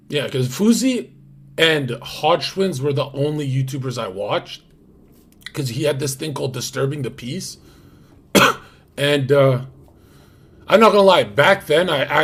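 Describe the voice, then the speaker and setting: Husky-voiced young man chatting on stream. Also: mid-range voice. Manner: rambling, slangy, many fillers and restarts. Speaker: livestream host. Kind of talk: casual livestream chat.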